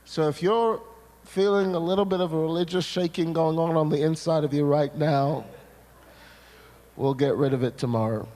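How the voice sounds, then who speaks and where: A man from Scotland preaching a sermon, an animated storyteller who hammers points through repetition and tosses jokey asides to the crowd. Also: a little high, normal speed. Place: large hall at a church seminar. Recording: echoey hall, faint noise.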